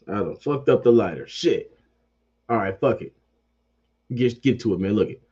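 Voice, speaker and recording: A man's voice: on the low side, lively intonation, normal speed, pauses often, dark tone, slightly rough, muffled recording. A man ranting about sports as a fan commentator. He swears constantly, repeats phrases, and keeps up a heated, profane energy.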